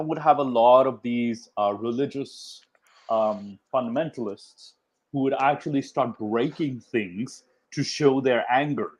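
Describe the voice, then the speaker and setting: A man guest in a casual discussion, speaking in a reflective way as he recalls past events. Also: fairly low pitch. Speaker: podcast guest.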